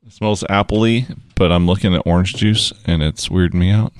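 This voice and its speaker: A man's voice: deep voice, moderate pace, smooth, no echo, clean studio sound. A man co-hosting a podcast, laid-back and profane, chatting casually over drinks and laughing often. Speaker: podcast co-host.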